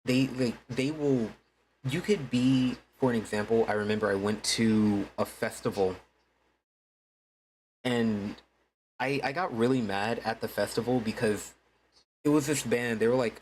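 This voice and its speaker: A man's voice: mid-range voice, a little slow, darkish tone, slight background noise, rough recording. A man chatting casually to his viewers during a game stream, laid-back and swearing freely. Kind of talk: casual gaming stream chat.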